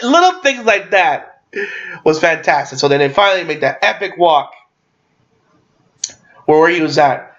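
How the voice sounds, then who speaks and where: Excitable young man on a dull lo-fi mic. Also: a little high, moderate pace, long pauses. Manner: excitable, full of fillers and restarts, swears freely. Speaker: movie reviewer. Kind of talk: rambling casual movie recap.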